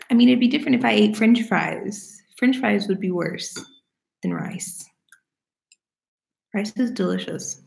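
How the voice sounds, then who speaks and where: A young woman from Florida, casually answering viewer questions at home, chatty and animated, laughing often. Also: fairly high pitch. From Florida, United States. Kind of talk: casual Q&A chat. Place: room at home. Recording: roomy echo.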